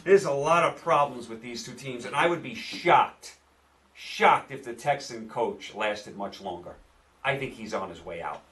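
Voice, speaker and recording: A man's voice: mid-range voice, measured pace, a bit bright, far from the mic. A man with a New York accent giving casual, opinionated sports betting picks as host, repeating himself for emphasis.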